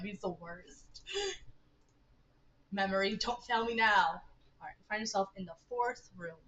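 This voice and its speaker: A woman streaming a text game, reading its narration aloud and chatting excitably with her viewers. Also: mid-range voice, poor audio. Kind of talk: casual live-stream gameplay with narration read aloud.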